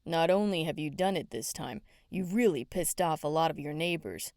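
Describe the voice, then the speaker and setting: A woman's voice: low voice, animated, normal speed, a little mellow, dry recording. Easygoing young male cop, read by a woman narrator; teasing, dry sound. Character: friendly young male police officer.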